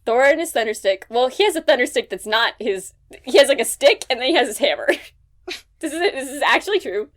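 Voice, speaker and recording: A woman's voice: sits high, animated, brisk, a bit bright. A woman co-hosting a casual podcast chat, rambling and laughing often. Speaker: podcast co-host.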